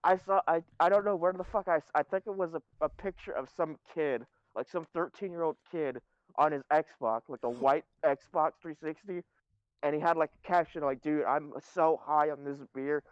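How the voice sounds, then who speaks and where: Give me a young man bantering on a podcast, slightly high voice, dull audio. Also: moderate pace, smooth, no echo. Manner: laughing, jokey banter. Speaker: podcast co-host. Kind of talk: casual chat.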